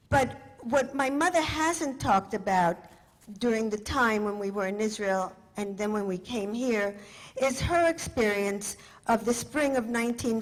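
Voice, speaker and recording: A woman in her seventies, from France, telling her family's story to an audience with animated emphasis. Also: mid-range voice, rough recording.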